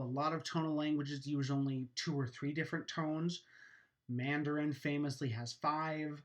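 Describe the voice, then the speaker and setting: A man teaching a lesson, explaining patiently and methodically with occasional fillers. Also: a little high. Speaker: educator. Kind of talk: explanatory lecture.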